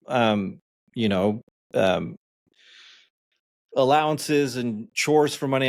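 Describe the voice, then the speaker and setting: A man in his forties co-hosting a podcast, chatting casually and telling stories with fillers and frequent laughs. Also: on the low side. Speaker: podcast co-host.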